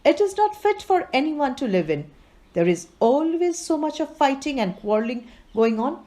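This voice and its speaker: A woman's voice: high-pitched, sing-song, normal speed, dark tone, voice pushed up. A woman reading aloud and voicing a quarrelsome male village farmer who speaks indignantly. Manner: indignant, complaining.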